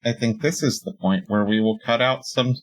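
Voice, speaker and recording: A man's voice: medium pitch, normal speed, rough recording. A man co-hosting a podcast in casual chat, hesitant, with many ums and short agreements. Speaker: podcast co-host. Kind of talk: casual chat about tabletop games.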